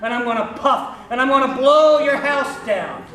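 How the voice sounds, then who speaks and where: A man's voice: very high-pitched, moderate pace, bright, forceful tone. A man voicing a hungry, greedy Big Bad Wolf in an exaggerated storytelling manner, heard in an echoey room with listeners around. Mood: threatening.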